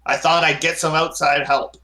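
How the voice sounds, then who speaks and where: A man voicing a huge, irritable, foul-mouthed male baron with a large booming voice. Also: flat delivery, moderate pace, pushed and bright. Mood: gruff. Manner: curses angrily.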